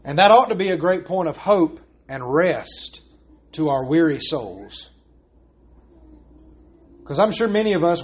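A man's voice: a little high, darkish tone. A man preaching a sermon as pastor, earnest and emphatic, stressing his points and asking rhetorical questions.

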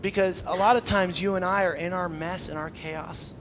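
A young man preaching a sermon conversationally, swinging between loud emphasis and hushed, intimate tones. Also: high-pitched, fairly even intonation, normal speed, slight background noise. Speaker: pastor.

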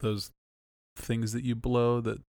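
Gravelly, wisecracking man. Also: mid-range voice, flat delivery, unhurried, darkish tone. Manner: dry, wisecracking asides. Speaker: podcast co-host. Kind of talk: casual banter.

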